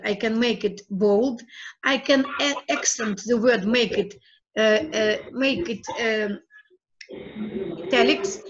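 Woman teacher, slightly high voice, slow and halting screencast walkthrough, dull lo-fi sound. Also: background noise. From Russia. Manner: slow, halting, repeats her words as she clicks through steps. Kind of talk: screencast tutorial.

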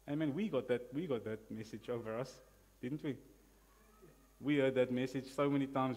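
A man with a South African accent preaching an animated sermon in church, calling out hallelujah and amen. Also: mid-range voice, brisk. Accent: South African English. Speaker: pastor. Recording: long reverb of a church hall.

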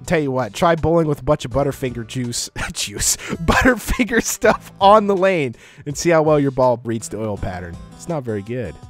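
Man, gaming commentator, lively swooping delivery, self-mocking jokes, frequent laughs, faint music behind. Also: mid-range voice, moderate pace, few pauses. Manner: joking and self-mocking, laughs often, sudden excited outbursts. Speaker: gaming YouTuber. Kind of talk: casual gameplay commentary. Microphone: close microphone.

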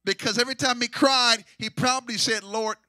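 High, bright-voiced shouting preacher man. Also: fairly even intonation, fairly quick, dry recording, clean studio sound. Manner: shouting, sing-song preaching with repetitions. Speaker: pastor. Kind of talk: call-and-response sermon.

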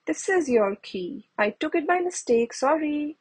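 Woman reading as a hurried young man. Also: high voice, expressive, pitched above the performer's own voice. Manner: quick, apologetic.

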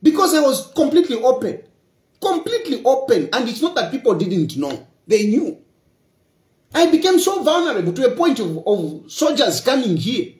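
A man's voice: very high-pitched, very animated, moderate pace, a little mellow, roomy sound. A Zambian man speaking in a passionate political monologue, emphatic and repetitive, switching between English and local phrases. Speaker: opposition politician.

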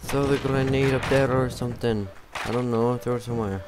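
A man giving casual, rambling commentary while playing a game, poking fun at himself and getting excitable. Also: mid-range voice, fairly quick. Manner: rambling, self-mocking, excitable. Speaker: gamer. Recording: noticeable background noise.

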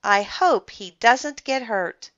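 A prim know-it-all schoolgirl, as a woman reading a storybook puts her on, speaking slowly in a bright, bossy voice. A slightly dull lo-fi recording carries it. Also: a little high, expressive, voice pushed up. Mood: worried.

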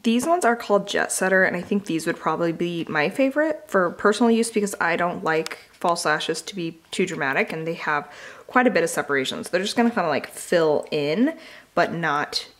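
Woman, makeup artist, casual unboxing chat, enthusiastic, slightly low voice. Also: expressive, fairly quick. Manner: chatty and enthusiastic, with fillers. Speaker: beauty vlogger and makeup artist.

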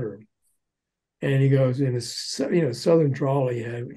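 An older man, a former record promoter, telling animated anecdotes in a podcast interview and acting out the quotes. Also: medium pitch, a little slow, poor audio.

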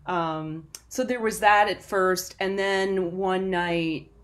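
A woman's voice: on the low side, fairly even intonation, slow pace. A woman guest on a podcast, telling her story in a rambling, self-interrupting way and laughing often. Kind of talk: casual interview chat.

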